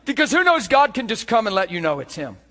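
A man with a slightly raised pitch shares a personal faith testimony like a preacher. His storytelling is animated and expressive, often breaking into laughter. He acts out the voices of the people in his story as he goes. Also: fast talker.

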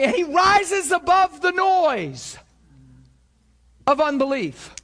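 High-voiced preacher swinging from shouts to hush. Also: male voice, very animated, slow pace. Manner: repeats words and restarts often. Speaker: pastor. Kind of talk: sermon.

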